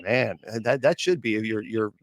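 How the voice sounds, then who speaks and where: A man's voice: lowish voice, measured pace, very noisy. A man hosting a casual show, teasing his co-host in a playful, exclamatory way. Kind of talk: casual comedic chat.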